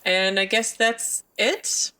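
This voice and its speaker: A woman's voice: mid-range voice, steady tone, slow, bright, forceful tone. A woman hosting a let's play, giving casual, chatty and playful commentary on her gameplay.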